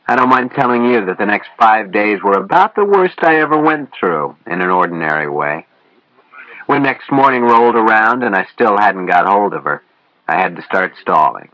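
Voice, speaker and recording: A man's voice: low-pitched, sharp tone, no room sound, muffled recording. A man narrating an audiobook in the first person, with a wry, hard-boiled storytelling manner.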